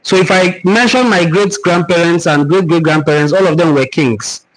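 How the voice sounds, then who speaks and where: High-voiced Nigerian man teaching earnestly. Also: normal speed, rough recording. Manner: earnest, preaching, repeats words for emphasis. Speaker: host of a cultural forum. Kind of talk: live-stream teaching and answering viewer comments.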